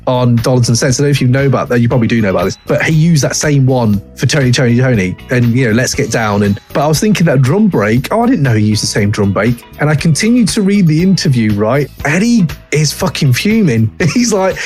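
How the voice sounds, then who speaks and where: A man hosting a hip hop podcast, talking in an animated, emphatic way and swearing freely. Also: medium pitch, fast, faint music behind. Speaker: podcast host. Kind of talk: casual podcast talk.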